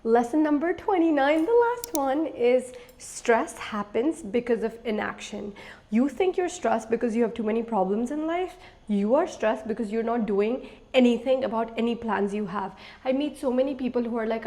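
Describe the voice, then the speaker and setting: This twentysomething lifestyle vlogger speaks to camera at a normal speed, her voice on the high side with lively intonation and a dark tone. Her advice is frank and chatty, delivered in a big-sister manner.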